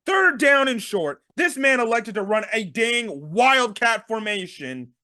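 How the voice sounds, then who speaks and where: A man rants through a game recap, his fairly high voice swinging wildly up and down. He fires off exasperated rhetorical questions in a dry, close-miked sound. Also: animated, measured pace, pushed and bright, no echo. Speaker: sports podcast host.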